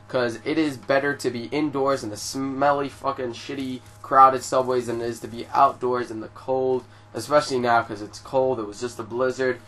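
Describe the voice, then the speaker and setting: A young man tells a story straight to his viewers. His delivery is loose and animated, full of fillers and casual swearing, and his voice sits at an ordinary middle pitch. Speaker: vlogger.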